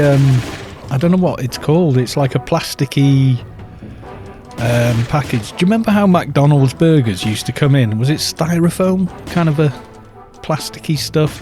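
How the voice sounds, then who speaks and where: A man's voice: a little high, warm tone. A man streaming a game live, chatting casually and telling rambling stories between remarks on play. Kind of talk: casual live-stream chat while gaming.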